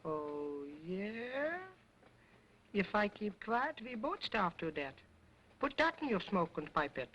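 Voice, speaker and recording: A cheeky wooden boy dummy, cracking jokes in mangled grammar. His voice swoops up and down with lively pitch, and he takes his time over each line in early sound film style. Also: slow pace, lo-fi sound, full character voice. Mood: defiant. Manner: sassy, broken grammar, mocking.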